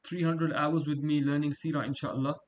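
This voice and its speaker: A middle-aged man teaching a class in a loose, conversational way, his voice sitting a little high. He circles back and repeats phrases and keeps checking in with his students as he goes. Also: level tone, a little fast. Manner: conversational, repeats himself, frequent "right?" tags. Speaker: seerah teacher. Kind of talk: informal class talk.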